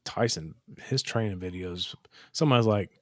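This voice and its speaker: A man's voice: fairly low pitch, lively intonation, moderate pace, no echo, studio quality. A man in his thirties co-hosting a podcast, telling loose, profane, rambling stories in casual chat. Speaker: podcast co-host.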